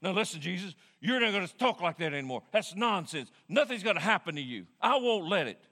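A man's voice: high voice, sing-song, fairly quick, pushed and bright, exaggerated voice. A preacher voicing a brash, burly male fisherman disciple who talks in a blunt, demanding way. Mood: scolding. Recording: long hall reverb.

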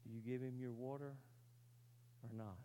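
A man preaching, telling a story with dramatic swings from loud to very quiet and asking his listeners rhetorical questions. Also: mid-range voice, steady tone, normal speed, slight background noise. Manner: asks the audience rhetorical questions. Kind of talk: sermon illustration.

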